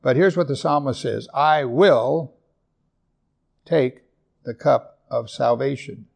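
Gravelly man preaching a sermon. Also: mid-range voice. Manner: earnest, slows down to stress scripture, repeats verses. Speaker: pastor.

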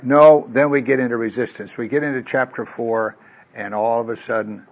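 A man preaching a conversational sermon, lively, with folksy asides and filler words, acting out the quoted voices in his stories. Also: mid-range voice, normal speed, highs cut off. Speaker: pastor.

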